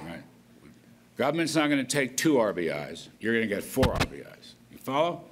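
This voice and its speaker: A man's voice: mid-range voice, sing-song, moderate pace, noisy background. An older man giving an off-the-cuff policy speech as a government economic official, rambling with folksy asides. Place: conference hall at an event.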